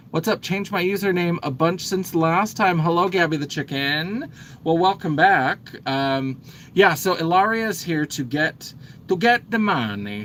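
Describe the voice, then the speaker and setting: Male drag performer, mid-pitch, easygoing livestream chatter while applying makeup; rambling, filler-heavy, trails off mid-thought as he works. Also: fairly bright tone, slight background noise. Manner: talks while busy with makeup, pausing and trailing off. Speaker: drag performer getting ready for a show. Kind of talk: casual livestream chat while doing makeup.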